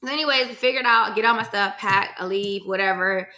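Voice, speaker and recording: Bright-voiced young woman telling a story. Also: mid-range voice, fairly quick. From Virginia. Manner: chatty, addresses listeners as y'all, swears casually. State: emotional, holding back tears at times. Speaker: podcast host. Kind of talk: casual solo podcast storytelling.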